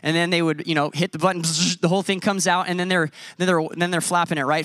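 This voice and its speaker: A man's voice: a little high, flat delivery, quick pace, hardly any pauses, a bit bright, no echo. A man in his thirties preaching a sermon as a pastor, conversational and self-deprecating. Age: 30s.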